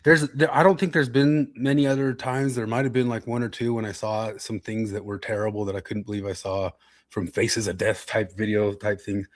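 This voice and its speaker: A man's voice: fairly low pitch, level tone, fairly quick, dry recording. A man hosting a casual podcast, rambling with restarts and reading chat comments aloud. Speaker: podcast host.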